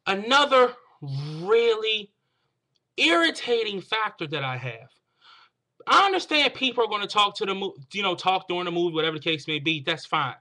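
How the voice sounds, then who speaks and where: A man's voice: sits high, big pitch swings, moderate pace, sharp tone. A man hosting a comedic video, ranting to the camera in a profane, exasperated way. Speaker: host.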